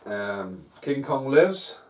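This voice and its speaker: A man's voice: mid-range voice, sing-song, very slow, slight background noise. Rambling man, roomy distant sound. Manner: rambling, swears casually. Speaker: host. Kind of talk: casual film review vlog.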